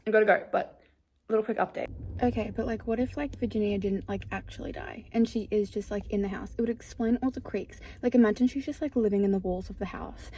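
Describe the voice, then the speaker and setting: A woman's voice: medium pitch, steady tone, quick pace, warm tone, a little hiss or hum. A young woman vlogging casually about books, chatty and rambling with lots of fillers. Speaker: book vlogger. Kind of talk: casual vlog chat.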